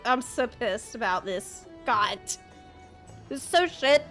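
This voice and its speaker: High-voiced woman, impassioned streamer. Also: lively intonation, slow pace, a bit bright, faint music behind. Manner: impassioned, exasperated, sarcastic. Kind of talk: live-stream rant to chat.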